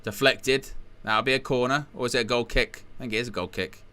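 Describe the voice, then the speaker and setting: A man calls a football match live for a watchalong. His voice is bright and forceful, with a smooth, crisp tone. He talks casually and rambles into jokey asides between the action. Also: mid-range voice, fairly even intonation, fairly quick.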